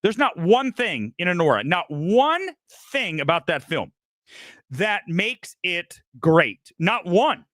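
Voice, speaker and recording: A man with a fairly high, swooping voice hosts a live film-reaction stream, ranting bluntly and with plenty of swearing. He boasts about his judgment and dares his viewers to disagree. The sound is dry and close. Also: sing-song, takes it slowly, a bit bright, no echo. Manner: challenges viewers directly. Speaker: film critic host.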